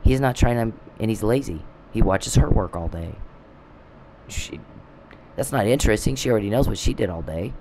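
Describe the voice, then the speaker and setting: Brief: low-pitched man, bitter confrontational rant, noise behind him. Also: normal speed. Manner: bitter, confrontational, speaks straight at an absent foe. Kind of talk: ranting monologue. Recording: steady background noise.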